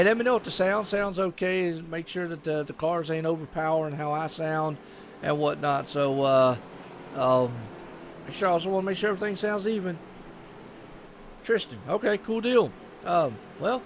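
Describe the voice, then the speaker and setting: A man's voice: fairly high pitch, moderate pace, a little hiss or hum. A man with a Southern US accent giving casual, rambling live commentary on a sim race and chatting with viewers.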